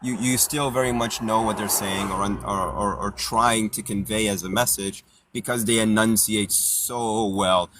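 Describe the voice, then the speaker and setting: A man with a fairly low voice chats casually and rambles through his points, laughing along the way. His words come in animated bursts with plenty of restarts. A faint noise sits behind him. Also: normal speed, hardly any pauses. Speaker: podcast host. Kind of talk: casual chat. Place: parked car outdoors.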